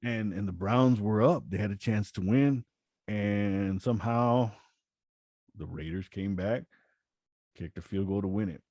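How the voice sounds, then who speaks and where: A man's voice: fairly low pitch, a little slow, no echo, clean studio sound. A man hosting a podcast in casual chat, telling stories with energy and stumbling over restarts. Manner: animated storytelling, stammers on restarts. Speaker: podcast host.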